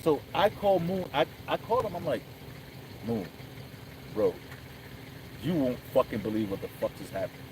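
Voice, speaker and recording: A man's voice: medium pitch, very animated, moderate pace, long pauses, noisy background. A man chatting casually outdoors, animatedly telling a story and acting out quotes with lots of swearing. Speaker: vlogger. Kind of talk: casual chat while riding. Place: outdoors on city streets.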